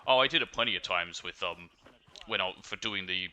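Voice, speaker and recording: Brief: Australian man, low and bright, rambling stream commentary. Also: fairly quick. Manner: chatty and rambling. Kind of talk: casual game stream commentary.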